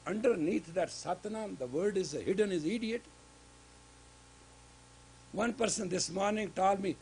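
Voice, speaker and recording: A man giving a sermon-style lecture as a spiritual teacher in a gurdwara, speaking emphatically with sudden loud rises on key words. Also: sits high, a little slow, long pauses, breathy edge, poor audio.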